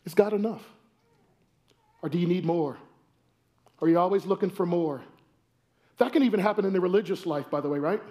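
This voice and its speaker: Man, pastor, sermon, high-pitched, animated, rhetorical questions, church, miked. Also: a little fast, long pauses. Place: church sanctuary. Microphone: wears a microphone.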